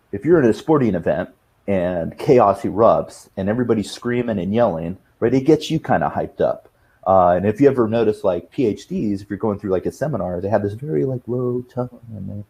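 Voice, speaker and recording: A man's voice: low voice, dark tone. A man speaking as a panelist, giving advice in a loose, rambling way with many fillers and "right?" tags. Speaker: webinar panelist. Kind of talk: conversational advice talk.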